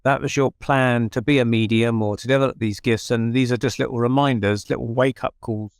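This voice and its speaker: A man, a paranormal researcher, telling an animated anecdote in casual conversation, with many restarts. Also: mid-range voice, brisk, vocal fry, clear, resonant tone, no echo, studio quality. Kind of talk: conversational storytelling.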